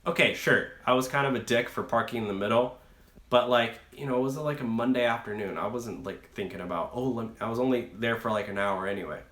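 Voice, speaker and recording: A young man hosting a rideshare channel chats casually on a live stream, rambling through a story full of fillers and restarts. He talks fairly quickly in a medium, slightly bright voice, and the room is echoey.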